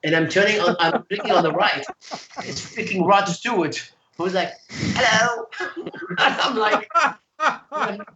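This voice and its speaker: A man, a guest singer, telling animated stories in casual chat and acting out the voices of people he quotes. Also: high-pitched, normal speed, reverberant, dull audio, background noise. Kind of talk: casual storytelling.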